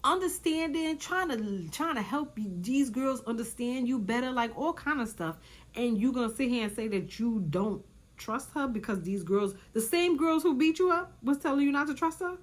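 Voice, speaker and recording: A woman recapping reality show episodes in casual commentary, chatty and animated, often repeating herself for emphasis. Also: high-pitched, moderate pace.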